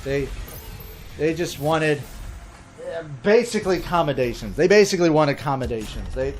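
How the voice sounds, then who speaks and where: Male let's-play host, lively and ranty, slightly high voice. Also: moderate pace, slight background noise. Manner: animated, ranting, swearing. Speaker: gaming commentator. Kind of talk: comedic let's-play commentary.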